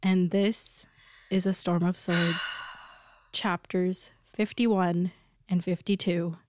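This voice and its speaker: A podcast co-host talking casually over a remote mic, supportive and quick to laugh. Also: mid-range voice, level tone, a little hiss or hum.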